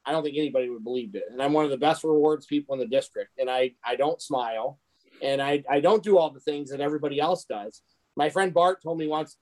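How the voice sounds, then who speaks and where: A man speaks in a blunt, deadpan way during a casual podcast chat. His voice sits a bit high for a man. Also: low-quality recording.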